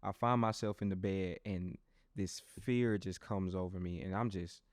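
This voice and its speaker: Speaking as a podcast host, a young man with a low voice delivers a personal testimony monologue at normal speed. He's an animated, loose storyteller who restarts often and talks straight to his listeners. The sound is close and dry, with no echo or room around it.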